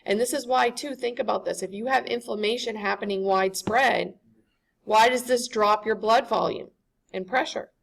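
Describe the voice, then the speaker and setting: A woman's voice: fairly high pitch, moderate pace, vocal fry. A woman giving a classroom lecture, conversational and often checking in with the students.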